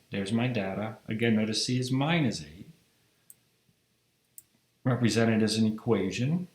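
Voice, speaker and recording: A man teaching a math lecture, emphatic and rhetorical, checking in with "right?" after most points. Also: fairly low pitch. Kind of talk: recorded lecture. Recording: echoey room.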